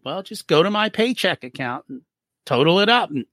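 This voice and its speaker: A man's voice: a little high, moderate pace, no echo, clean studio sound. A man speaking as a guest in a casual interview, explaining money habits and acting out short exchanges in different voices. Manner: animated, acts out little dialogues. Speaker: business profitability guest.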